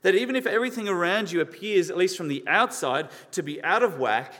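A man's voice: high voice, lively intonation, fairly quick, bright, forceful tone. A man preaching a sermon in an earnest, questioning way, repeating key words for emphasis. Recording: long reverb of a large hall.

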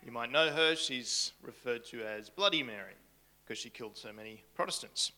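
A man's voice: medium pitch, animated, moderate pace, bright, forceful tone. A man giving a casual history talk to a live audience in a room, chatty and full of joking asides. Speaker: camp speaker.

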